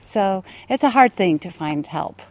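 A woman's voice: mid-range voice, animated, measured pace, slight background noise. A woman who runs a wild bird rescue, answering interview questions in a chatty way, laughing often and correcting herself.

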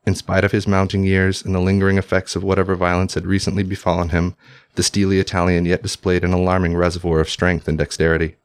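A male narrator reading a historical tale aloud. His voice is low and deep, and his delivery is measured and formal. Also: monotone, clear, resonant tone, no echo. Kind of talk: audiobook narration.

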